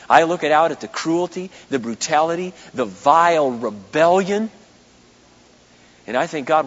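A man from Minnesota preaching a storytelling sermon, acting out the voices in his stories. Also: a little high. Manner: animated, acts out quoted voices, laughs at himself. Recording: muffled lo-fi recording.

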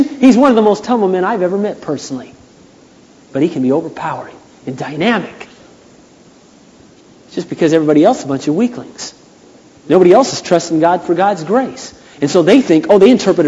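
A man pastor preaching a sermon, emphatic and repeating phrases, building to loud preaching. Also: high-pitched, expressive, fairly quick. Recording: long hall reverb.

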